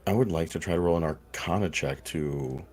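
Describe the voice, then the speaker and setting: A man's voice: sits low, a little fast, darkish tone. A man playing a tabletop game, speaking hesitantly and repeating words as he searches for them. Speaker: player.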